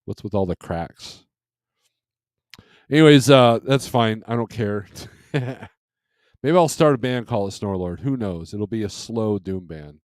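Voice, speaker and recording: Speaking at an unhurried pace in a fairly low voice, this livestream host chats casually from home into a desk mic, wandering from topic to topic and laughing a lot. There's no echo, and the sound is studio grade.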